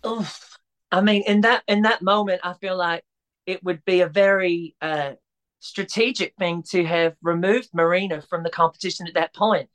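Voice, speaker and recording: A chatty woman talking casually on a podcast as a guest. She speaks in a relaxed, rambling way, with frequent fillers and restarts. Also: lowish voice, normal speed. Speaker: podcast guest, drag performer.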